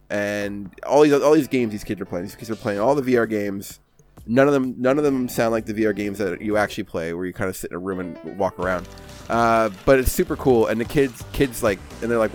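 A young man with a lowish voice talks fairly quickly over soft background music. Hosting a casual podcast, he rambles through a comic story full of swearing and fillers.

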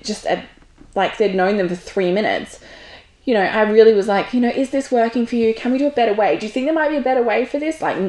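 Woman, podcast host, blunt and candid with casual swearing, mid-pitched voice, echoey room. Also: darkish tone. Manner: blunt, frank, swears freely. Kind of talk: candid monologue. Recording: roomy echo.

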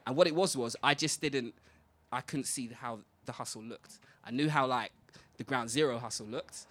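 A man's voice: mid-range voice, normal speed, a bit bright, no room sound. A man on a live panel, telling his career story in a casual, slangy way. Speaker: panel guest, presenter. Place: live event venue.

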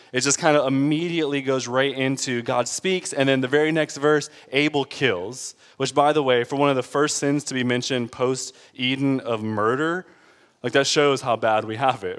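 A man's voice: mid-range voice, fairly bright tone, big-room sound. A man preaching a sermon in an earnest, conversational way, building to emphatic peaks. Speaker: pastor.

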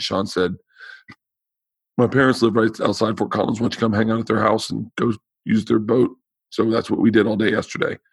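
A man with a fairly low voice hosts his podcast in loose, casual chat. His voice sounds worn out and has no push behind it. He rambles, stumbles and restarts his sentences, all in a dry, close sound. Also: husky, dry recording. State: tired voice with no power behind it. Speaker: podcast host.

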